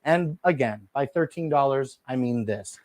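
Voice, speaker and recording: A man's voice: mid-range voice, lively intonation, moderate pace, dry recording. Chatty guy selling gadgets on a livestream. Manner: chatty, hesitant with fillers, calls viewers dude and bro. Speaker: livestream shopping host. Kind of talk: casual product showcase livestream. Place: small room at a desk. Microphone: desk microphone.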